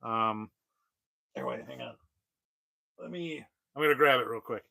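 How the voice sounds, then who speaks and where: A man's voice: medium pitch, huge pitch swings, measured pace, vocal fry, sharp tone, dry recording. A man in his forties chatting casually on his own livestream, rambling with lots of fillers and frequent chuckles. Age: 40s. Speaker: toy collector streamer.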